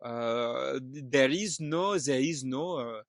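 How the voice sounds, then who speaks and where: Man playing a French-accented middle-aged dad, halting broken English, slow, dry sound. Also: medium pitch, creaky, no echo. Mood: earnest. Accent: put-on French.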